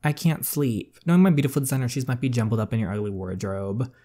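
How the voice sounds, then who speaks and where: A vain, scheming teenage girl coos in a sassy sing-song in a story game, voiced by a man. The tone stays mellow and soft under the raised pitch. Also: expressive, fast, lightly acted. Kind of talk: reading a story game aloud.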